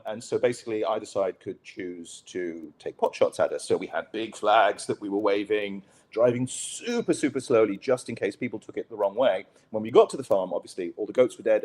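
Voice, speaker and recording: Low-voiced man telling a candid story. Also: darkish tone. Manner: candid, self-deprecating anecdote telling. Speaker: guest journalist. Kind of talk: conversational storytelling.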